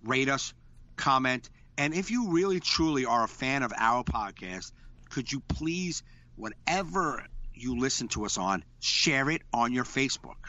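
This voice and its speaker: A man's voice: mid-range voice, animated, a little slow, bright, forceful tone, dull audio. A man co-hosting a podcast in casual chat, rambling and swearing freely, talking into a desk microphone over a call. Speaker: podcast co-host.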